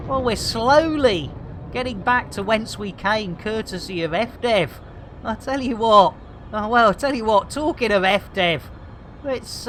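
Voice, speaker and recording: A man's voice: high voice, fairly bright tone, slight background noise. A man hosting a live gameplay stream, rambling through jokey banter and cheeky asides. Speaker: livestream host.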